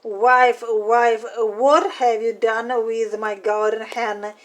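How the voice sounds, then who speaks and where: A woman reading aloud gives voice to a huge man-eating ogre from a storybook, bellowing his demands at a slow, heavy pace. Her voice sits a touch high for a giant. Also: steady tone. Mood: gruff.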